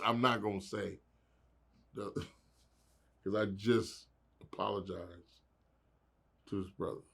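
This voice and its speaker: Animated middle-aged man telling stories. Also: mid-range voice, vocal fry. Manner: animated, laughing, acts out quoted voices. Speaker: interview guest. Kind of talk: storytelling in a casual interview.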